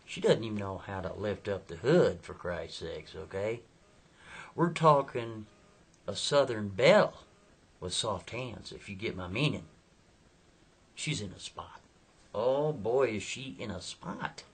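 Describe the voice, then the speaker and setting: A man's voice: fairly low pitch, expressive, slow, long pauses, slightly rough. A man telling a story in a folksy, chatty way, often turning aside to the listener. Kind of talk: casual spoken storytelling.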